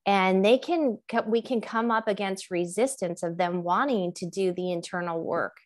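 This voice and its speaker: A woman in her fifties hosting a podcast, telling stories in an animated way and laughing often. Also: mid-range voice, moderate pace. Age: 50s. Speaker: podcast host. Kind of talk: conversational interview.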